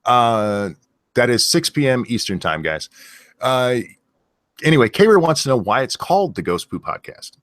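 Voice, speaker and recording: A man's voice: medium pitch, very animated, moderate pace, fairly bright tone, dry recording. An American man hosting a casual stream, joking and reading viewer questions aloud. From United States.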